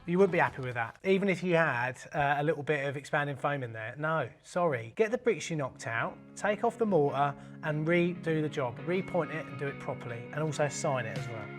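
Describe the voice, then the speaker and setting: A man's voice: fairly high pitch, animated, a little fast, hardly any pauses. A man, hosting a casual video in a cheeky, jokey manner. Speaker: host. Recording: faint music underneath.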